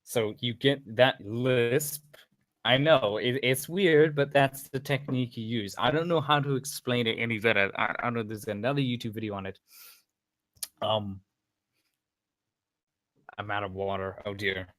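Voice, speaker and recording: Brief: casual male voice coach, rambling and full of restarts, mid-pitched, dry close mic. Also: normal speed, pauses often, fairly bright tone, no room sound. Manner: rambling, many restarts and asides. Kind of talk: casual voice-training tutorial.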